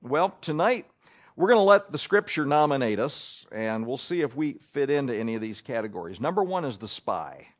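A man's voice: mid-range voice, big pitch swings, moderate pace. A man preaching a sermon in a conversational way, asking his listeners questions as he reads and explains scripture.

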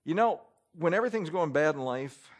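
His sermon is emphatic and animated, delivered at a brisk pace in a slightly high voice. He shifts between loud declarations and hushed asides.

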